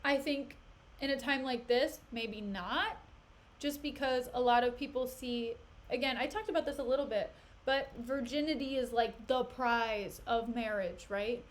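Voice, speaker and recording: A woman streamer casually retelling a play in a chatty, animated way. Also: on the high side, unhurried. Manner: animated, chatty, laughs often.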